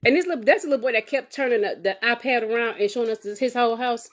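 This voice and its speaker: Woman, mother, comedic vlog rant, sassy, exasperated, animated, big pitch swings. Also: racing. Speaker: mother of a kindergartner. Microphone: phone or webcam vlog.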